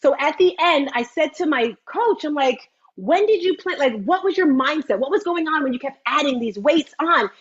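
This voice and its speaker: A woman hosting a motivational livestream, talking in a chatty, animated way with teasing asides. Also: sits high, normal speed, few pauses, muffled recording. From United States. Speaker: host. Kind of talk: lively motivational livestream talk.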